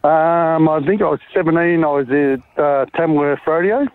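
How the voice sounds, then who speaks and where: A man's voice: fairly high pitch, steady tone, moderate pace, clear, resonant tone, dry recording. An Australian man calling in to a radio show, telling his story blunt and matter-of-fact. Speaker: caller. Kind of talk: phone-in story. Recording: tinny phone line.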